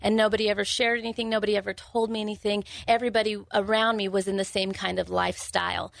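Middle-aged woman, guest giving her testimony; gravelly, dry close sound. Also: mid-range voice, level tone, dry recording. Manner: earnest, halting storytelling. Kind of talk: personal testimony interview.

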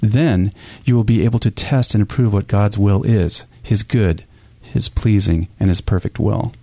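A man co-hosting a faith-based radio show, calmly reading scripture aloud in a measured way. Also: on the low side, vocal fry, dry recording. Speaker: radio co-host.

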